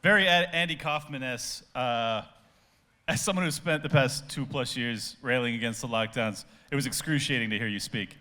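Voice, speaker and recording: A man's voice: medium pitch, moderate pace, sharp tone. Profane, blunt man judging live. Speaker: judge. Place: outdoor festival stage.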